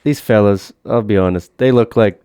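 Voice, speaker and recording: A man with a low, smooth and resonant voice chats on a podcast, crude, swearing and quick to joke. He sounds close and dry, with almost no room around him. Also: warm tone, no room sound. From Canada. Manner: crude, profane and joking, explains things at length. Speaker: podcast co-host. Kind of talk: casual chat.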